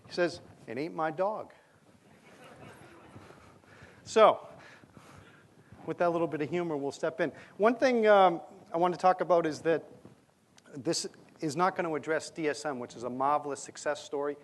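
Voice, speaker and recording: A man's voice: a little high, normal speed. A man giving a conference presentation on stage, talking conversationally with plenty of fillers and a light touch of humor. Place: stage under bright lights.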